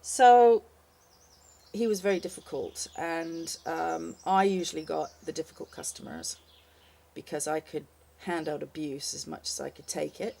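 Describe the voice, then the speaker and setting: An older woman, a former bartender, telling a wry, lively anecdote in a casual spoken style. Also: low-pitched, a little slow, creaky, a little hiss or hum. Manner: lively, animated, wry storytelling with fillers.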